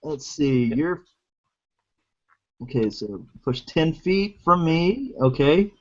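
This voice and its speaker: A man's voice: fairly high pitch, very animated, slow pace. A man playing a tabletop game, hesitantly working through his spell rules aloud. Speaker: player. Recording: dull lo-fi recording.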